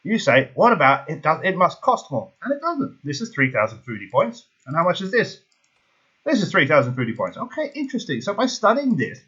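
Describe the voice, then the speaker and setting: Excitable man thinking aloud, husky. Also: fairly high pitch, muffled recording. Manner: excitable, jokey, thinks aloud while calculating. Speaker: gaming YouTuber. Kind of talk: casual game strategy walkthrough.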